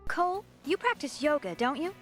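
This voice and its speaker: A woman's voice: sits high, sing-song, normal speed, faint music behind. A woman voicing a ditzy, cheerfully dim teenage girl in a video game, with a chirpy, sing-song delivery. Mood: airheaded.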